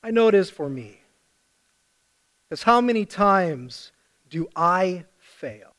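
A man's voice: high voice, expressive, slow pace, fairly bright tone. A middle-aged male pastor preaching a sermon, telling the story and putting questions to the congregation.

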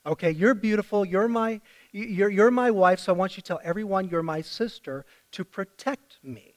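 A preacher playing a sweet-talking patriarch husband. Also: male voice, high voice, normal speed, close to an everyday voice. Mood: coaxing. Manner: coaxing, flattering. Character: scheming male patriarch sweet-talking his wife.

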